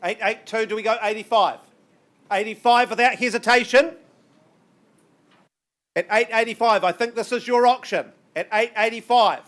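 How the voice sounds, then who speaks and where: High-voiced man calling an auction. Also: a bit bright. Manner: brisk, coaxing bid-calling with banter. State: strained, losing his voice. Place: auction room.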